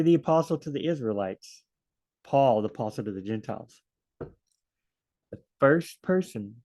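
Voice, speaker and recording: Man, casual bible study teacher, rambling, self-correcting, mid-pitched voice. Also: mellow.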